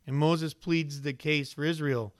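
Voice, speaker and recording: A man preaching a casual sermon, telling Bible stories in an animated way with casual slang. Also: on the high side, unhurried, dry recording, studio quality.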